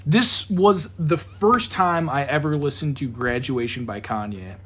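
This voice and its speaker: A man's voice: fairly high pitch, a little slow. A young man casually telling a wild story to friends on a podcast, swearing often, stumbling over restarts and acting out sounds. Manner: animated, swears a lot, mimics sounds, many restarts. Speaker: podcast co-host.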